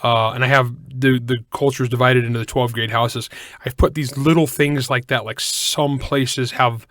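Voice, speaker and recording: A man's voice: medium pitch, fairly even intonation, normal speed, a bit bright. A man from California co-hosting a podcast, chatting casually in a rambling way with joking asides and frequent self-corrections. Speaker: podcast co-host. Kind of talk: casual chat.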